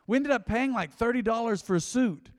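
A man preaching a sermon as pastor, telling stories with lively swings between loud and soft delivery. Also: very high-pitched, a little fast, long reverb tail.

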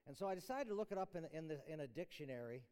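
A man's voice: fairly high pitch, lively intonation, very fast, darkish tone, clean tone. A man giving a chapel sermon, teaching conversationally and asking the room rhetorical questions. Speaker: chapel speaker. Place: large chapel. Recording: long hall reverb.

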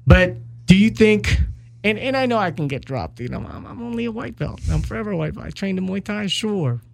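A man's voice: high-pitched, big pitch swings, fairly quick, creaky. A man interviewing a guest in casual chat, stumbling over his words and asking long, rambling questions. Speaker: podcast host, interviewer.

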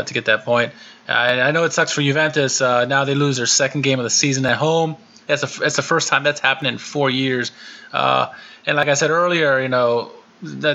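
A man speaks fast about football in an animated podcast chat, with a bright, forceful voice and frequent "uh" restarts. His audio comes through dull and lo-fi, like a remote line. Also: mid-range voice, creaky. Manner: rapid, animated, lots of "uh" restarts. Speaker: podcast co-host.

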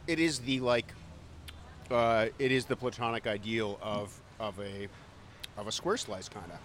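A man's voice: on the low side, fairly even intonation, a little slow, a bit bright, a little hiss or hum. Chatty man with lots of filler. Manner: hesitant, filler-heavy, thoughtful, talks while eating. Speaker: podcast co-host. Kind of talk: casual food podcast chat. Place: restaurant.

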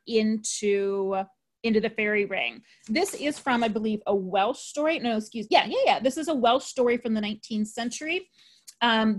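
A woman talks through folklore in a loose, chatty way, dropping in plenty of ums and likes. Her voice sits a little high for a woman and stays upbeat and conversational. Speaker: podcast host. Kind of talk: casual folklore chat.

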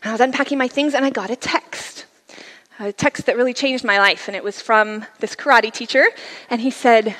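A middle-aged woman telling her faith story at a church service, in an earnest, conversational way that often sinks to a soft hush. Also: on the high side, brisk, big-room sound. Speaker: guest speaker sharing a testimony. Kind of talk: personal testimony talk.

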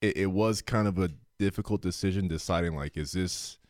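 A man's voice: sits low, brisk, a little mellow, dry recording, studio quality. A man co-hosting a podcast, laid-back and joking in casual banter. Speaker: podcast co-host.

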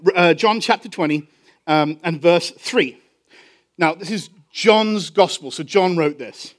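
A man with an English accent, a pastor telling a story in a sermon, animated and drawing out key phrases slowly for emphasis. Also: a little high. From England.

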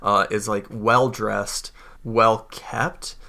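Gravelly-voiced male game master. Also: lowish voice, level tone, drawn-out words, sharp tone. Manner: casual, filler-heavy narration. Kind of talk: narrating a tabletop game.

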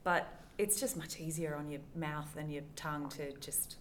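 A woman's voice: low voice, moderate pace, slight background noise. A woman, interviewing a guest casually, with friendly "yeah"s and easygoing follow-up questions. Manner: friendly, affirming, frequent "yeah".

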